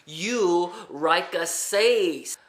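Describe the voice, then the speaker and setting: A man's voice: sits high, sing-song, moderate pace, sharp tone, roomy sound, voice pushed up, heavily acted. A man voicing a pushy young male hotel bellboy who speaks in broken English. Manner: broken English, insistent questions.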